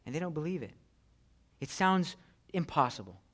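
A man's voice: a little high, big pitch swings, normal speed, fairly bright tone. A young man preaching a conversational sermon, chatty, with frequent "right?" and "you know". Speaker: pastor.

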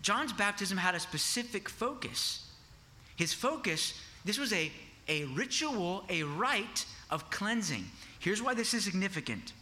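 A male preacher with a high, very bright voice delivers a sermon in a loose, chatty way. He keeps asking his listeners rhetorical questions and tags his points with "right?". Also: expressive, unhurried.

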